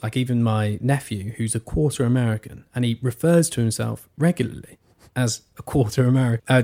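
A man's voice: mid-range voice, creaky, a little mellow. Rambling, thoughtful man from Suffolk. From Suffolk, England. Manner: thoughtful, rambling with many restarts. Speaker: podcast guest. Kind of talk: casual conversation.

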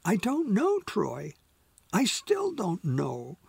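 A man voicing a tearful, soft-spoken woman. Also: sits high, wildly swooping pitch, slow, vocal fry, husky, no room sound, voice pushed up, heavily acted. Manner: soft, tearful, near whisper. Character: grieving woman, devoted dog owner.

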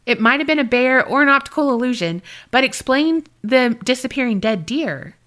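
A woman's voice: sits high, expressive, normal speed, a bit bright. A woman co-hosting a paranormal podcast, reading a listener's story aloud and chatting. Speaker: podcast co-host.

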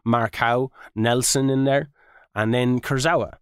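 A man's voice: mid-range voice, measured pace, smooth, no echo, studio quality. A man co-hosting a podcast, telling a gaming story with lots of swearing and acted-out quotes. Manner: animated, swears a lot, acts out quotes. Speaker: podcast co-host. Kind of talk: casual gaming chat.

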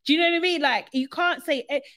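A woman's voice: high voice, fast, bright, forceful tone, no echo. Woman co-host, emphatic, dry close sound. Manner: emphatic, repeats "do you know what I mean". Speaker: podcast co-host. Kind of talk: casual chat.

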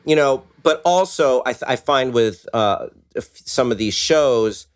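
A man co-hosting a casual podcast chat, relaxed, summing up and asking questions. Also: mid-range voice, a little slow. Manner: relaxed, asks questions, short backchannels. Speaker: podcast co-host.

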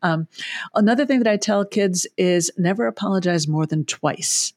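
A woman's voice: medium pitch, moderate pace, a little mellow, no room sound. A woman child psychologist is a guest on a podcast interview. She lays out her points with homely analogies and chuckles between them. Her voice sits in the middle of the range and is recorded close and dry.

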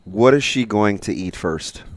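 A man's voice: on the low side, lively intonation, unhurried, dry recording. A man co-hosting a morning radio show in casual banter, teasing his partner and laughing often. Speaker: radio co-host.

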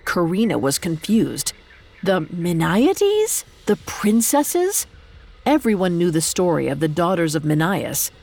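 A woman narrating a dark storybook myth in a measured, dramatic way. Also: fairly low pitch, big pitch swings. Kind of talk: scripted narration.

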